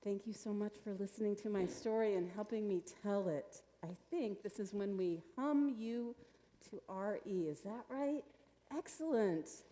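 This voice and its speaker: A woman telling a children's story to a congregation at a church service, animated and playful. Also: mid-range voice, a little slow. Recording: long reverb of a church hall.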